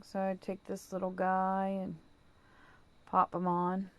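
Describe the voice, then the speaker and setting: A woman's voice: mid-range voice, monotone, slow pace. A woman chatting through a home craft tutorial, rambling and correcting herself as she works. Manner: playful baby talk to her dog. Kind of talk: casual how-to demonstration.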